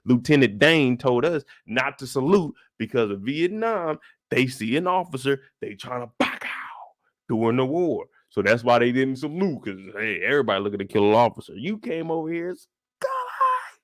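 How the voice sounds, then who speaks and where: A man hosting a live after-show, telling a story in an animated, profane way with sound effects. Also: mid-range voice, moderate pace, dry recording. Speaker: show host.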